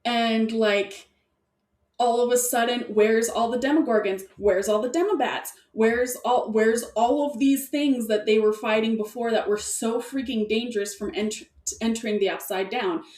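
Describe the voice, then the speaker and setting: Her fairly high voice comes through a distant mic in an echoey room as she co-hosts a podcast. At a normal pace, the woman rambles excitedly, laughs often, and fills her loose, casual chat with fillers.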